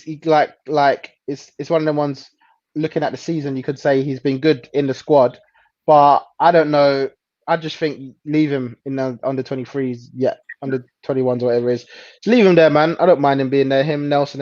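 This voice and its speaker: A man chatting casually about football as a co-host, relaxed and hesitant, often laughing. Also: mid-range voice, a little fast, no room sound, dull audio.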